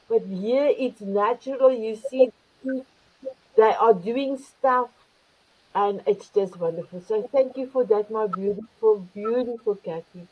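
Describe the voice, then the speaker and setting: A woman's voice: fairly high pitch, dull audio. Effusive older woman hosting a video call. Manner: effusive, calls guests beautiful. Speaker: host. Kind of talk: warm online show hosting.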